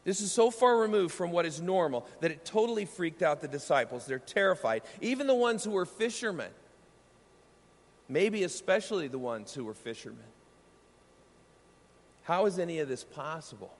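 A man preaching a sermon as pastor, teaching earnestly and slowing down to stress key lines. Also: a little high, big pitch swings, big-room sound.

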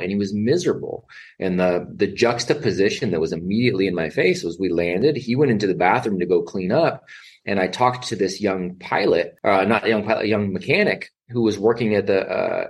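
A middle-aged man telling stories in conversation, emphatic and animated, acting out quoted voices. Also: lowish voice, breathy edge. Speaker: podcast guest, educator. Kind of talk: conversational storytelling.

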